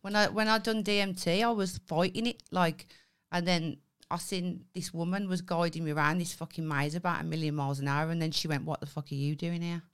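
A woman's voice: lowish voice, fairly even intonation, fairly quick, clear, resonant tone. Laughing, swearing woman co-host. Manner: swears freely, laughs often, acts out quotes. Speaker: podcast co-host. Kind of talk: casual chat.

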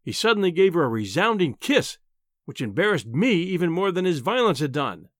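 A man reading an audiobook aloud as narrator, with an expressive storytelling delivery. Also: fairly high pitch, a little fast, dry recording, clean studio sound.

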